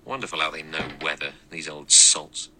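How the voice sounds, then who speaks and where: Blunt, gossipy fellow in a storybook, deep voice, read by a man. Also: moderate pace, sharp tone, a little hiss or hum, heavily acted. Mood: chatty. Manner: conversational, blunt.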